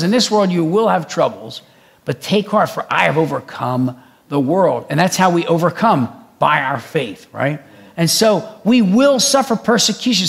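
A man preaching a sermon, talking fast and animated as he reads and explains scripture. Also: high-pitched, gravelly.

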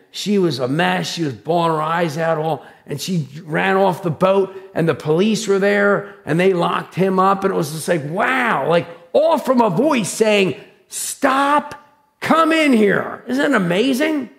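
A male pastor with a high, gravelly voice delivers his sermon. He talks loudly and with animated drama, throwing himself into his stories. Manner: loud, animated, dramatic storytelling. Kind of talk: sermon with personal storytelling.

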